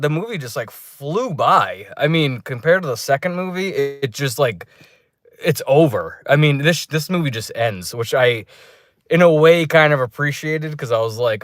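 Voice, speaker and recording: A man telling a rambling, profane story in a casual vlog review, with loud re-enacted outbursts. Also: on the high side, animated, normal speed, no room sound, clean studio sound. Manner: loose, restarting delivery. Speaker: movie reviewer. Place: dark room.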